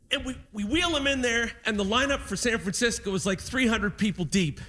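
A man doing a stand-up comedy set, telling stories with animated energy on a music hall stage. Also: high voice, a little fast, few pauses, slight background noise. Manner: animated storytelling, acting out his father.

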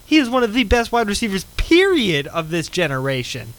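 A man co-hosting a casual sports podcast, talking in quick, excitable bursts and laughing often. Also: high voice, poor audio. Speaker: podcast co-host.

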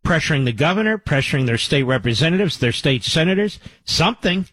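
Man, talk radio host, husky voice, dry studio sound, indignant and emphatic. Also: fairly high pitch, very animated, brisk, few pauses, fairly bright tone, dry recording, rough recording.

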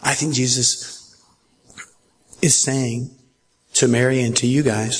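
A man's voice: mid-range voice, steady tone, slow pace, pauses often. A man preaching a sermon as pastor, emphatic and repetitive, checking that listeners follow along. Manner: emphatic, repeats phrases, asks listeners if they follow. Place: church.

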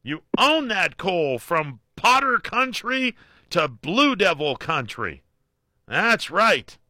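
A man's voice: high voice, big pitch swings, takes it slowly, bright, forceful tone, dry recording, studio quality. A man hosting a call-in radio show, jokey and folksy, often cutting in on callers. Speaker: radio talk show host.

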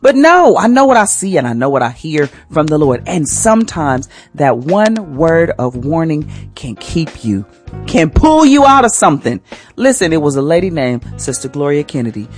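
A woman's voice: sits low, sing-song, normal speed, soft background music. A woman who hosts a morning radio show, giving an inspirational talk as a church first lady in a colloquial, exhorting way.

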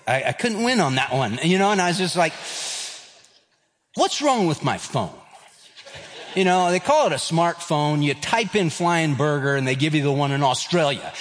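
A pastor in his fifties delivers a sermon with a slightly high voice, full of animated storytelling. He acts out the people in his anecdotes. The sound rings with the long reverb of a big church hall. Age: 50s.

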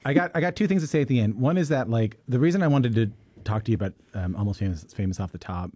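A man hosting a radio interview in a relaxed, conversational way, stumbling now and then. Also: medium pitch, quick pace, dry recording. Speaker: radio host.

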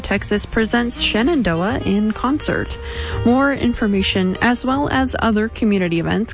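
A woman's voice: mid-range voice, rough recording. A woman reading sponsor and community announcements as a station announcer.

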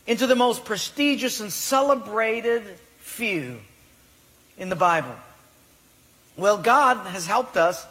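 A man preaching from a church sanctuary, his voice sitting notably high for a man. Long reverb trails after his phrases. He presses up on key words, then sinks to a quiet hush. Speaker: pastor. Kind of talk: sermon. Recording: long reverb of a large hall.

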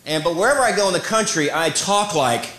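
A man from the American Midwest doing a stand-up comedy routine in a club, animated and mimicking voices. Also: sits high, brisk. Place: comedy club with live audience. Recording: echoey live club recording with noise.

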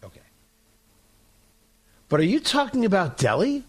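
High, lively-voiced sarcastic talk host. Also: male voice, measured pace. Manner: sarcastic, combative, mocking. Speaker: political talk show host. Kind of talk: opinionated on-air monologue.

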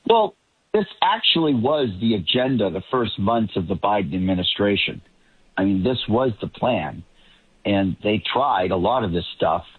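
A man rambles as a guest commentator on a political talk show, frequently restarting his sentences over a tinny phone line. He has a lowish, slightly rough voice, very animated, at a moderate pace.

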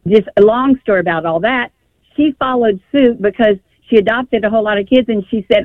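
A woman's voice: fairly high pitch, fairly quick, no echo. An older woman calling in to a radio show, telling a long, emotional story in a rambling way with many restarts. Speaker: caller. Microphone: telephone. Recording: tinny phone line.

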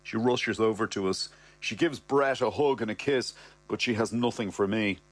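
A man's voice: fairly low pitch, normal speed, no room sound. A man narrating a first-person story in a wry, cocky, conversational way.

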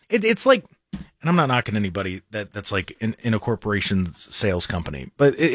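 A man from hosts a radio talk show. His voice sits a little high for a man, and he rants with animated exasperation and keeps restarting his sentences. The studio sound is dry and close. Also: dry recording.

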